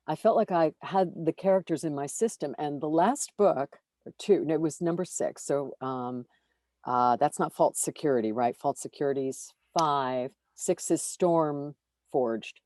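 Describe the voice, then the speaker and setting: In a relaxed interview, this woman, who narrates audiobooks, comes across as lively and self-mocking, often using fillers and starting over. She's low-pitched and unhurried, with no room sound.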